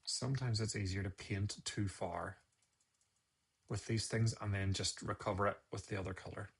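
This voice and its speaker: A man's voice: on the low side, steady tone, moderate pace, gravelly, slightly rough. A man, a photographer teaching photo editing on a live stream, muttering his steps aloud and scolding himself. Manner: muttering, self-scolding, chatty asides.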